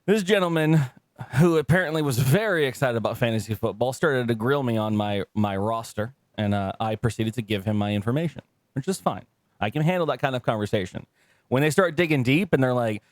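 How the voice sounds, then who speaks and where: A man co-hosting a casual podcast, joking around, laughing often and acting out quoted people in goofy high voices. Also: expressive, brisk, dry recording, studio quality. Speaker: podcast co-host.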